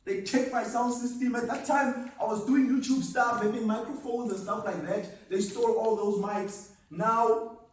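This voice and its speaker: A motivational speaker gives an emphatic, story-driven talk at a seminar, laughing at himself along the way. His voice is very high, with a steady tone and normal speed. He was recorded from a distance in an echoey hall.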